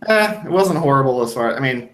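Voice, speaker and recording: Man, game master, relaxed, joking, average pitch. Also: fairly quick, echoey room. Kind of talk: narrating a tabletop game.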